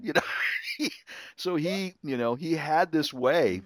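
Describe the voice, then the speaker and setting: A middle-aged man hosts a casual chat, spinning a long, rambling family story. His voice moves around a lot in pitch. The sound is dry and close. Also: lively intonation, moderate pace, no room sound. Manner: rambling with restarts, acts out his son's voice. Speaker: podcast host.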